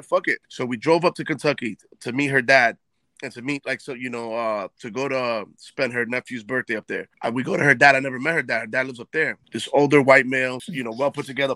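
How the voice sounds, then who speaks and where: A man's voice: mid-range voice, no room sound. A man from Brooklyn with a New York accent, co-hosting a podcast, telling stories animatedly with plenty of swearing. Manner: animated, swears freely, acts out quoted dialogue. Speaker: podcast co-host. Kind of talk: casual chat, storytelling.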